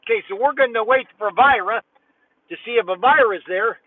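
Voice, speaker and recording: A man's voice: extremely high pitch, moderate pace, no room sound, recorded from a distance. A man vlogging while driving, chatting casually and rambling in a folksy way from inside his car. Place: inside a car at a drive-thru. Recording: tinny, phone-like sound.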